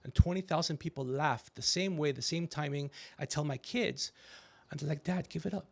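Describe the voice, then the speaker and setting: A middle-aged man hosting a podcast, telling stories in a casual comedic chat and acting out quotes with animated voices. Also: on the high side, moderate pace. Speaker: podcast host.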